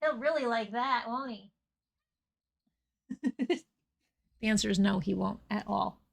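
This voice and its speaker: A woman's voice: a little high, slow pace, creaky. Chatty woman streaming a game. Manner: chatty, breaks off to scold and coo at her cats. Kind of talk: casual live-stream commentary.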